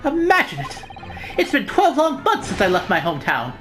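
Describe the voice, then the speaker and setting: A woman's voice: on the high side, huge pitch swings, normal speed, over music, rough recording. A woman voicing a dramatic, paranoid young Japanese male student who talks in grandiose alliterative flourishes while reading a game aloud. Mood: theatrical. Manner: grandiose, alliterative, theatrical outbursts.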